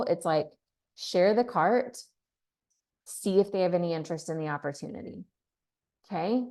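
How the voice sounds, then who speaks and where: A woman's voice: mid-range voice, a little mellow. A woman from Texas leading a team training, talking in an upbeat, chatty way and acting out sample scripts. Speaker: team leader. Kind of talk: training talk.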